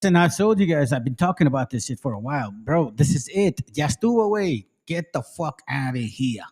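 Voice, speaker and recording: A man's voice: on the high side, very animated, fairly quick, darkish tone, breathy edge. A man hosting his own channel, ranting heatedly to viewers, swearing often and dropping into Spanish slang. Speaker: channel host. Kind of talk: profane casual rant to viewers.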